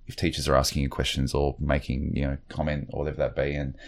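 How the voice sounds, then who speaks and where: Very deep-voiced man, halting. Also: level tone. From Australia. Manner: hesitant, many fillers and restarts. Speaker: guest. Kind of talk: reflective interview talk.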